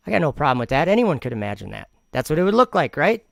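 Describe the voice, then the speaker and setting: A man's voice: fairly high pitch, big pitch swings, fast, gravelly, dry recording, clean studio sound. A man hosting a commentary vlog, reacting to comments in an argumentative, sarcastic way and rambling with frequent restarts. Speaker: channel host.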